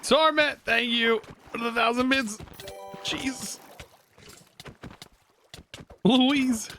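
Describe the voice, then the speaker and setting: A young man hosting a live game stream, excitable, exclaiming often and thanking viewers. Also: extremely high pitch, extremely slow, soft background music. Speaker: livestream host.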